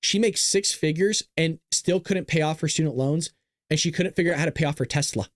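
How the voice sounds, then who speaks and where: A man's voice: a little high, fairly quick, no room sound. Sarcastic ranting man, dry sound. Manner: sarcastic, ranting, mocks opponents; reads and answers viewer chat. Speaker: political commentary show host. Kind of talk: live-streamed political commentary.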